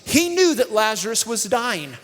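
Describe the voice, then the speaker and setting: A man telling a Bible story to children in lively style, energetically calling for the audience to answer back. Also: high voice, normal speed. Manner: energetic, calls out for audience responses. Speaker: children's minister. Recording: long reverb from a large hall.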